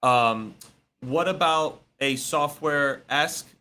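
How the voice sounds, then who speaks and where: A man co-hosting a casual call-in chat, passing on audience questions in a halting, informal way. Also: on the high side, pushed and bright, smooth. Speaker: co-host relaying chat questions.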